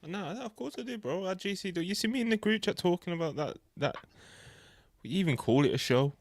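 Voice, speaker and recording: A man's voice: high voice, expressive, brisk, no room sound. A man co-hosting a casual podcast chat, laid-back and saying bro often. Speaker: podcast co-host.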